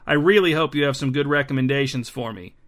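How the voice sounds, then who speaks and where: A man's voice: mid-range voice, quick pace, fairly bright tone, close to an everyday voice. A man voicing a tired middle-aged mother in an audiobook, speaking in a worn, pleading way. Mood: hopeful. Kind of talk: audiobook character reading.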